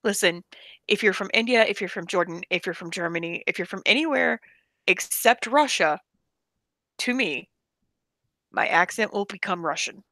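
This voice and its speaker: A woman co-hosting a casual chat, telling funny stories in an animated, laughing way. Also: mid-range voice, moderate pace, long pauses, dry recording.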